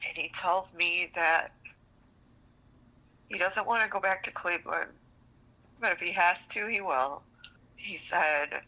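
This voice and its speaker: A woman with a very bright, piercing voice pours out a personal relationship story as a podcast guest. She vents with frustration and swears freely. Her pitch sits in a middling range. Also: unhurried, long pauses, rough recording. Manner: venting, frustrated, heavy swearing. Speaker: guest seeking relationship advice.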